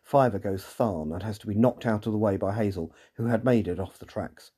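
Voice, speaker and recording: A man's voice: fairly low pitch, brisk, dark tone, husky. A man hosting a podcast, reading a scripted episode recap with dry, sarcastic asides. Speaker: podcast host and narrator.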